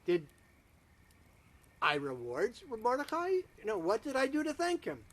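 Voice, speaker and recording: A man's voice: extremely high pitch, wildly swooping pitch, unhurried, voice pushed up, full character voice. A man voicing an impulsive male king in a told story, speaking expressively. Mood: curious.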